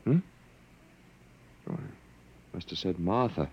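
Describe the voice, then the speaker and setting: An actor playing a stubborn, worn-out human captive who swings between defiance and pleading, in an old radio drama. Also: male voice, low voice, takes it slowly, a little hiss or hum. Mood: weary. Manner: defiant, then pleading and shaken. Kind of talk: 1950s radio drama acting. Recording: dull lo-fi old radio broadcast.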